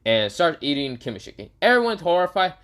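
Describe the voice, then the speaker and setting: A man's voice: a little high, very animated, fairly quick, a bit bright. A young man casually retelling an imagined fan story, rambling with many fillers and self-corrections.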